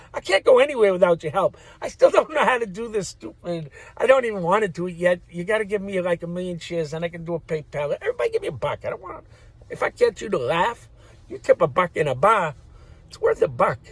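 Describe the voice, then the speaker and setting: A man's voice: high-pitched, creaky, slightly rough. A man in his fifties giving a rambling casual monologue to camera, swearing freely and chuckling between thoughts. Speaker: vlogger.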